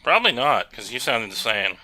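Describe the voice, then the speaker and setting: A man's voice: mid-range voice, big pitch swings, fairly quick. A man commentating on a video game in a sarcastic, exasperated tone. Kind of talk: sarcastic let's play commentary. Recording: game music loud behind voice. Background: game music.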